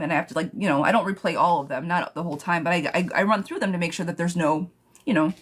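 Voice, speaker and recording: A woman's voice: on the low side, a little hiss or hum. A woman reading tarot live for viewers, chatting casually and laughing often. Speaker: tarot reader.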